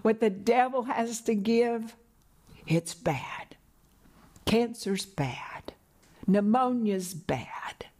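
A woman preacher giving an earnest sermon on a broadcast program, rising in pitch for emphasis and dropping to hushed whispers. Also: extremely slow. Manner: earnest, swings between soaring and hushed whispers. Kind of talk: televised sermon.

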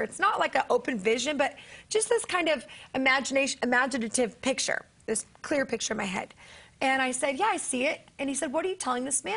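A woman author and preacher speaks on a faith talk show, her voice high with a gravelly rasp. She tells her stories earnestly and acts out each quoted exchange. Her talk has a warm, conversational pull. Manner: earnest storytelling, acting out dialogue.

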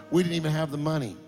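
Man, middle-aged pastor, sermon storytelling, a bit higher voice, faint music behind. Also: creaky. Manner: storytelling, builds to impassioned shouting.

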